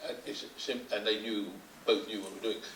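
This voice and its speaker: A man's voice: on the low side, fairly even intonation, fairly quick, a bit bright. An older man moderating a panel, telling anecdotes with chuckles and hesitant restarts. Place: conference hall. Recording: roomy hall, distant mic, faint hiss.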